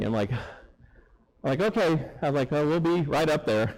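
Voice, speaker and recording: A man preaching a sermon, telling a story in an animated way and acting out the people in it. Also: a little high, measured pace, low-quality recording. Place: church sanctuary.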